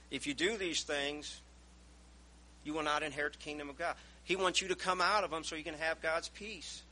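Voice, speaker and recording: Bright-voiced male preacher. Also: a little high, fairly even intonation, moderate pace, poor audio. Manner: storytelling, raises voice reading scripture. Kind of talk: sermon.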